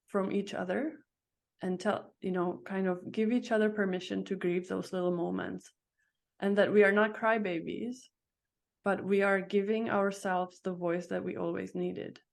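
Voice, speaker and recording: A woman's voice: mid-range voice, steady tone, unhurried, gravelly. A woman in her thirties, a podcast guest, telling her story in a reflective, searching way. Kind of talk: casual interview chat.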